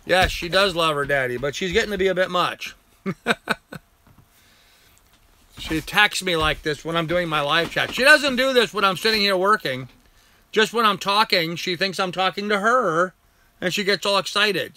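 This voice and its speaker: A man's voice: high-pitched, lively intonation, normal speed, pushed and bright, a little hiss or hum. An older man hosting a casual live chat from home. He rambles, thanks viewers by name and coos at his dog. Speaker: live-stream host.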